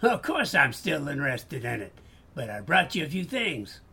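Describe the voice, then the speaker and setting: A man with a Boston accent playing a customer who pitches items persuasively. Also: sing-song, moderate pace, bright, forceful tone, husky, heavily acted. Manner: salesy, persuasive. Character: friendly male customer selling a clock.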